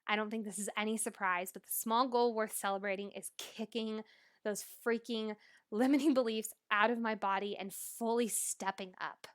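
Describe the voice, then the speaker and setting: A woman's voice: medium pitch, steady tone, moderate pace. A young adult woman hosting a solo podcast as a life coach, talking in an earnest, emotional, motivational way.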